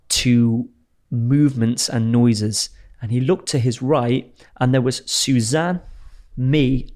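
A man's voice: medium pitch, darkish tone. A young man, an explorer, telling a story casually and animatedly, swearing freely and acting out what people said. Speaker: explorer telling his adventures as a guest.

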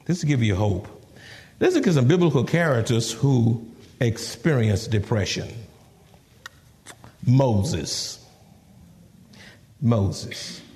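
A male preacher delivering a lively sermon, acting out scripture with laughing asides. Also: a little high, in a large hall, slight background noise. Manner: animated, laughing asides, acts out scripture in a raised voice.

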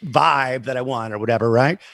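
A man's voice: mid-range voice, fairly quick, creaky, fairly bright tone. A male co-host asking an interview guest questions in a jokey, affirming way. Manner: jokey, affirming, lots of "yeah". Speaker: radio co-host. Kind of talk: casual interview chat.

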